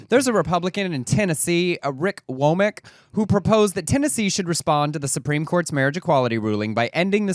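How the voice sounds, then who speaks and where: Expressive, wry male co-host. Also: mid-range voice, clear, resonant tone, dry recording, clean studio sound. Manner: expressive and wry, reads news then riffs. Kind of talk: casual chat.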